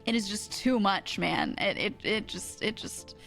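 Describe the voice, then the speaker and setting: A woman's voice: medium pitch, animated, measured pace, creaky, a bit bright, soft background music. An American woman streamer telling a story in casual chat, rambling with lots of fillers and frequent laughter.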